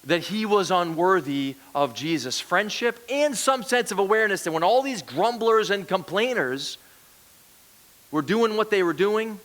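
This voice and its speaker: A man's voice: high-pitched, animated, a little slow, a bit bright. A man giving a conversational sermon as a guest preacher, asking the congregation questions. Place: church.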